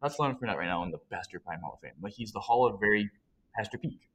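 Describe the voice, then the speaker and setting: A man's voice: lowish voice, animated, quick pace, a bit bright. A man co-hosting a casual sports podcast, rambling and talking himself through trivia answers. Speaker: podcast co-host.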